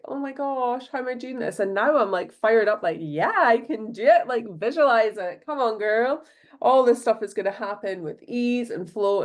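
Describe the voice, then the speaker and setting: Bubbly Scottish woman podcaster. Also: mid-range voice. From Scotland. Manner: bubbly, chatty, lots of fillers. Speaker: podcast host. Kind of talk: casual solo podcast talk.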